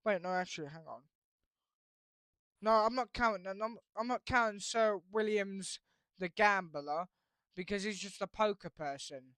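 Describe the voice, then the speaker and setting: A woman hosting her channel, rambling through made-up band lore with stammering restarts, swinging between mumbling and loud exclaiming. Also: mid-range voice, unhurried, no echo, clean studio sound. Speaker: channel host.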